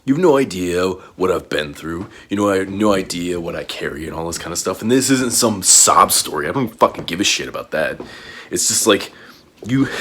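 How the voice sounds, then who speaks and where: A man's voice: sits low, a bit bright, a little hiss or hum. A man venting angrily to his camera in a casual vlog, swearing often and trailing off, a little short of breath. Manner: angry rant full of swearing, trailing off. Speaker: vlogger. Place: at home indoors.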